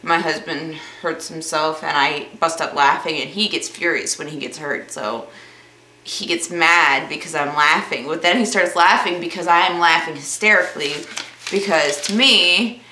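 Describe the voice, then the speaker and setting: Young female vlogger, bright and tense tone, casual and awkward, roomy echo. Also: low voice, normal speed, slight background noise. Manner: self-described awkward, rambling, laughs easily. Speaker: vlogger answering viewer questions. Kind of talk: casual Q&A vlog.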